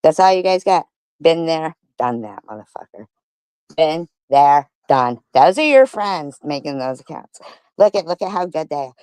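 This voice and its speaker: A woman's voice: low voice, lively intonation, moderate pace, darkish tone, clear, resonant tone, no room sound. Angry, profane middle-aged woman ranting. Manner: confrontational, profane, repeats herself, scoffing laughs. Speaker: live stream host. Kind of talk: angry live stream rant.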